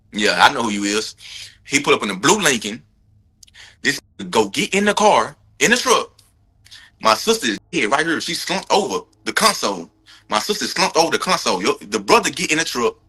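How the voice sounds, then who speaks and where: The victim's brother talks in a husky mid-range voice with a sharp tone. Giving a court update, he angrily relays events in casual, profane language, emphasizing things by saying them again.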